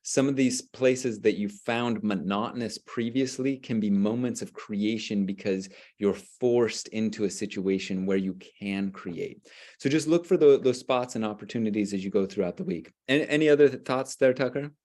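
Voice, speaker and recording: A middle-aged man co-hosting a podcast, talking in an enthusiastic, energetic way, with frequent restarts. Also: on the low side, moderate pace. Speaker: podcast co-host. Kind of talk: casual chat.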